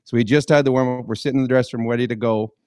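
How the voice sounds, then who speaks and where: Smooth-voiced man recounting a memory. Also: medium pitch, steady tone, racing, darkish tone, no room sound, studio quality. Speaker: co-host, former hockey player. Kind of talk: casual storytelling.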